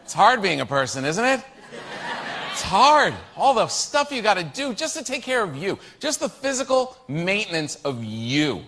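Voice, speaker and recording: A man's voice: high-pitched, big pitch swings, normal speed, noisy background. A man telling wry observational stand-up jokes. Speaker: stand-up comedian.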